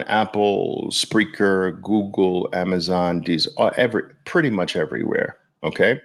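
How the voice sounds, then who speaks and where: A man's voice: fairly low pitch, fairly bright tone. A man hosting a podcast in casual livestream talk, chatting loosely and speaking straight to his viewers. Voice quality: gravelly. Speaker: podcast host.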